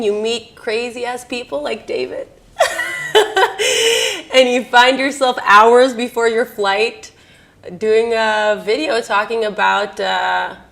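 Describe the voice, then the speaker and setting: A woman's voice: fairly high pitch, fairly even intonation, unhurried, creaky, fairly bright tone. Giggly woman in her thirties, rambling. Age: 30s. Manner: rambling, giggly, laughs often. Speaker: interviewee. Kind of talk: candid personal storytelling.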